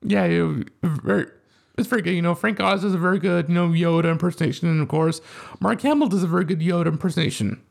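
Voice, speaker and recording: A man's voice: on the high side, quick pace, creaky. A man co-hosting a podcast, chatting casually and rambling with lots of filler phrases. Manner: rambling, heavy use of "you know". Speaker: podcast co-host. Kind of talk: casual chat.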